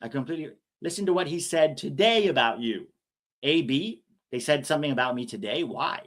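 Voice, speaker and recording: Young male streamer, higher voice, rambles through chat questions. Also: expressive, brisk, a bit bright. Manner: chatty, rambling, reads viewer comments aloud. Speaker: watch-along host reading chat. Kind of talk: casual live-stream chat.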